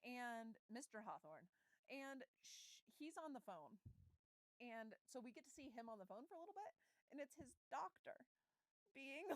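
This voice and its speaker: High-voiced woman telling a story in casual chat. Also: dry recording, rough recording. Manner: animated storytelling, acting out quoted lines, laughing often. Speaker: podcast co-host.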